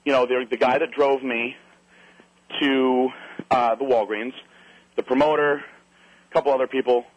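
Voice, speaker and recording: Husky man telling a wild story. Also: mid-range voice, moderate pace, dry recording, rough recording. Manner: animated, swearing, mimics others in quotes. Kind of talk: casual anecdote telling.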